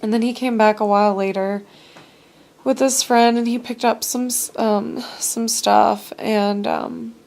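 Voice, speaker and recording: A woman's voice: a little high, steady tone, a little slow, vocal fry, a little mellow. A young woman recounts her day in a loose, rambling way. Her talk is casual and full of fillers and restarts, as if to a friend. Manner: rambling, filler-heavy storytelling. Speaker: vlogger. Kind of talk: casual storytelling chat.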